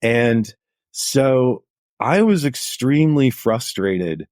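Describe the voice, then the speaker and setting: A man's voice: medium pitch, expressive, slow pace, a little mellow, no room sound, clean studio sound. A middle-aged man, a journalist guest, telling anecdotes in a casual interview with lots of "like" fillers. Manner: anecdotal, chatty, many "like" fillers.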